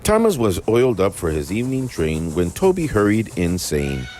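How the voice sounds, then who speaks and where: A man narrating a children's storybook tale in an unhurried, expressive way. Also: sits low. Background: background music.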